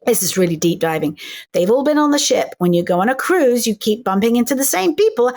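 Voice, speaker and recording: A middle-aged actress, a woman, chatting as an interview guest and telling animated stories full of acted-out lines. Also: fairly high pitch, a little fast. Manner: animated storyteller who acts out voices in quotes. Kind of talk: casual interview chat.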